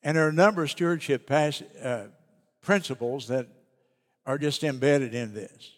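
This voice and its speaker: Emphatic male preacher in a reverberant hall. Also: mid-range voice. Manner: emphatic preaching, slowing and dropping soft on key phrases. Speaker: pastor. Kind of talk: sermon. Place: church sanctuary. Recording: long reverb of a church hall.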